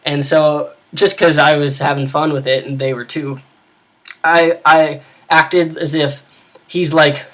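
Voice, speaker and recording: A man's voice: a little high, steady tone, normal speed, fairly bright tone. A man talking casually as a game master about running tabletop games, rambling with many restarts and asides.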